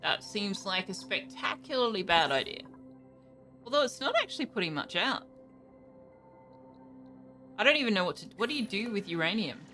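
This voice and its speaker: A young woman streaming a game, chatting casually and thinking aloud, reacting with quick surprise to what happens. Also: medium pitch, very animated, bright, forceful tone, faint music behind. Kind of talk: casual live gameplay commentary.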